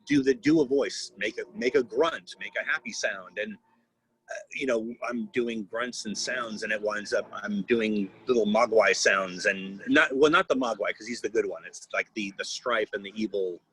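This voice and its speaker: A man's voice: on the low side, moderate pace, fairly bright tone, slight background noise, rough recording. A man in his fifties, a guest voice actor, telling rambling stories on a video call, restarting often and laughing. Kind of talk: casual anecdotal interview.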